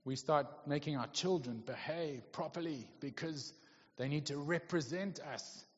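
A man's voice: a little high, measured pace. Guy preaching, chatty and keeps checking in with the crowd, muffled lo-fi sound. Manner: conversational, checks in with the audience. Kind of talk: sermon. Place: church hall. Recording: lo-fi, echoey hall.

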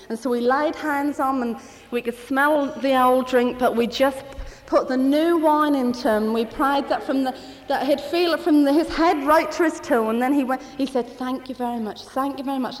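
A woman giving a rambling, fervent spoken testimony at a church meeting. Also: sits high. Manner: rambling, fervent, with many restarts. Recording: hall reverb.

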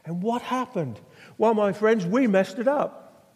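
A man's voice: sits high, unhurried, darkish tone, breathy edge. An older man from Norfolk, England, preaching a sermon with stories and rhetorical questions. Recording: long hall reverb.

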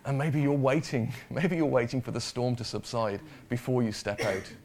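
A man's voice: medium pitch, fairly even intonation, moderate pace, crowd noise. Man preaching a conversational sermon. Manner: conversational, repeats words, asks the congregation questions.

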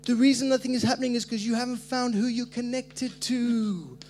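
A man's voice: extremely high pitch, moderate pace, darkish tone, slight background noise, voice pushed up. A man preacher voicing Jesus as a casual, encouraging man in a retold prayer.

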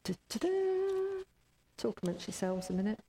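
Woman preaching slow and steady, kinda high voice, echoey church hall. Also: slight background noise. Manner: unhurried, storytelling. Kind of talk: sermon.

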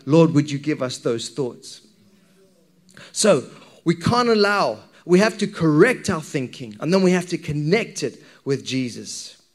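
A man's voice: a little high, sing-song, measured pace. A man preaching a sermon to his congregation, talking in a candid, conversational way and often checking in with the listeners. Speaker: pastor.

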